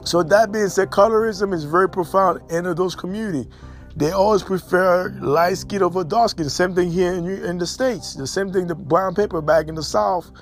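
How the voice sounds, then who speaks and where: A man from Haiti speaks in a blunt, casual monologue. His voice sits high, and he hammers points by repeating them. Faint music plays underneath. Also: normal speed. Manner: blunt, emphatic, repeats himself for stress. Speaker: commentator. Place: New York and elsewhere in the States.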